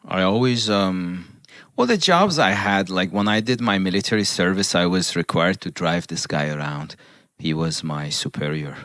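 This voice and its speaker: A man with an extremely low voice chats on a podcast. He speaks haltingly, pausing as he searches for words. The recording is dry and close. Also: fairly bright tone, dry recording. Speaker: podcast co-host. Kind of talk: casual chat.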